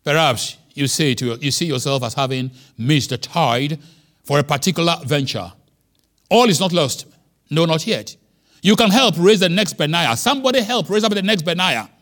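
A man preaching a sermon as pastor, emphatic, with wide swings in pitch and loudness. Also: animated, normal speed.

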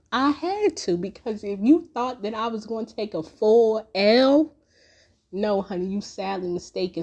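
A young woman, telling a personal story on her podcast in a profane, animated way. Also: medium pitch. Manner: profane, animated, acts out quotes loudly. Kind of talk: casual storytelling.

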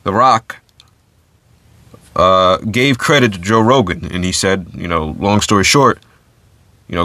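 Solo podcast host, man, low bright tone, dead-dry room, loose chatty delivery. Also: measured pace, pauses often, dry recording. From United States. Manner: casual, conversational, many fillers and restarts.

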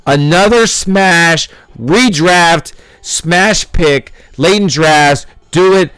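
A man's voice: fairly high pitch, slow, a bit bright, clean tone, dry recording, low-quality recording. Brash, swearing man hosting a podcast. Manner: brash, emphatic, repeats himself, swears. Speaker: fantasy football podcast host. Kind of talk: podcast monologue.

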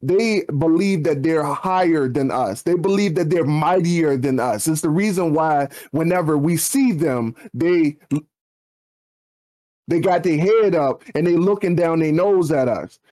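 A man's voice: a little high, a little slow, warm tone. A man, co-hosting a casual podcast and ranting with slang, his voice leaping up for emphasis. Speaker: podcast co-host.

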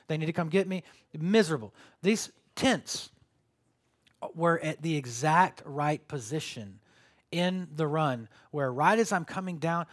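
A male pastor giving a sermon, telling stories with sudden loud bursts and quiet drops. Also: a little high.

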